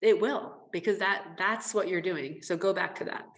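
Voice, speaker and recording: A woman's voice: lowish voice, moderate pace. A middle-aged woman investor speaking as a podcast guest in earnest, encouraging casual conversation, often restarting her phrases. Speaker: venture capital investor and guest. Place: home office.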